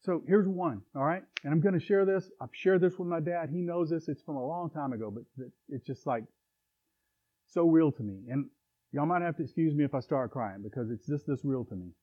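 Preacher on a tinny line. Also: male voice, fairly high pitch, a little fast. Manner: conversational, with chuckles and asides. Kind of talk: sermon. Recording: tinny phone-like recording.

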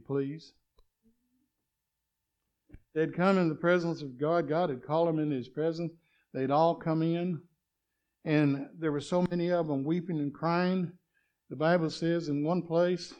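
A man preaching a sermon, swinging between loud exclamations and quiet, chuckling asides. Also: a little high, lo-fi sound.

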